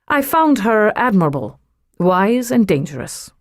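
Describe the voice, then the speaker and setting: A woman voicing a suave, wealthy man with a faint Irish lilt, smooth and amused, in an audiobook. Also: medium pitch, very animated, a little slow, dry recording, studio quality. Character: suave wealthy man, teasing and self-assured. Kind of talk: audiobook character reading.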